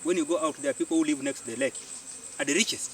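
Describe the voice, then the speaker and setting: A Ugandan man, a farmer and community organiser, telling his story in an animated way and repeating phrases for emphasis, recorded outdoors. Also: fairly high pitch, fast, a little hiss or hum. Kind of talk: storytelling interview. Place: outdoors on a farm. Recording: distant mic outdoors, faint insects.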